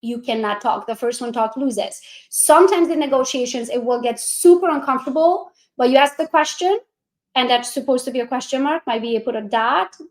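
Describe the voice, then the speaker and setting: High-voiced woman sales coach, talks fast and a lot, echoey room. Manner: acts out calls in a bubbly voice. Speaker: real estate sales coach. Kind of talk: coaching presentation.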